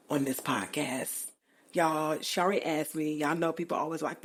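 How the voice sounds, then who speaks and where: Expressive low-voiced woman podcast host. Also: unhurried, slight background noise. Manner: expressive, emphatic, colloquial, playful. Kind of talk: casual chat.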